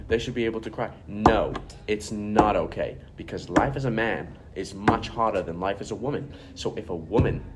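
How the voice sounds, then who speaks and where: A man's voice: on the low side, heavy background noise, lightly acted. A man playing an arrogant macho male influencer in an amateur comedy skit, ranting bluntly and boastfully.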